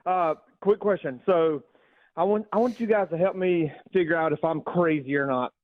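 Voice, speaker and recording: A man's voice: on the high side, no room sound. Earnest man calling in on a phone line. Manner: earnest, a bit rambling, pauses often. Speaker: caller. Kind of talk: phone-in question.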